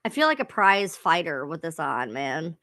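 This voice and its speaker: A woman's voice: sits low, big pitch swings, normal speed, sharp tone. A woman hosts a casual livestream, talking to her viewers in a loose, rambling way. She swears freely, and her voice rises and falls a lot. The sound is dry, with no room echo. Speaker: livestream host.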